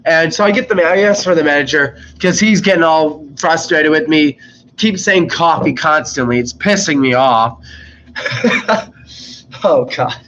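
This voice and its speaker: A man's voice: fairly high pitch, a little slow, a bit bright, dull audio, a little hiss or hum. A young man telling rambling work stories in a casual vlog, swearing freely and acting out rude customers. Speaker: vlogger. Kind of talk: casual storytelling.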